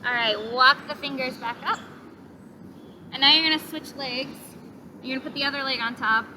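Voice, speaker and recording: A woman instructor gently guiding a parent and child yoga class, cueing breaths and poses with encouragement. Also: sits high, moderate pace, slight background noise, poor audio. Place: outdoors in a park.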